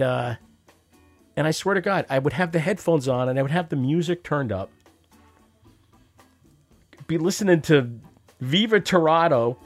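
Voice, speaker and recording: Wry New man telling stories. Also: on the high side. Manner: wry, profane, acts out quoted voices. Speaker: storyteller. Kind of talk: personal storytelling monologue.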